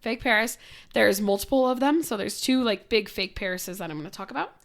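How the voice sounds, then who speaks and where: A young woman co-hosting a casual podcast, hoarse from a cold and laughing often as she talks. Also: medium pitch, brisk. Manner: giggly, laughs often between lines. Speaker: podcast co-host.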